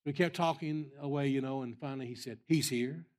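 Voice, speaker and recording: A man preaching as a guest speaker, telling stories in an earnest way with some soft asides. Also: medium pitch, fast. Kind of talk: storytelling sermon.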